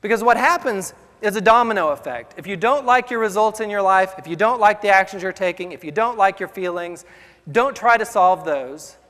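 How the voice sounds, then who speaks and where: A man with a notably high voice delivers a motivational talk in a loose, conversational way. He gets animated and plays out the voices in his head. His words ring out with a long reverb trail. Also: fairly quick. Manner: animated, acts out inner voices. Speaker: motivational speaker. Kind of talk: motivational speech.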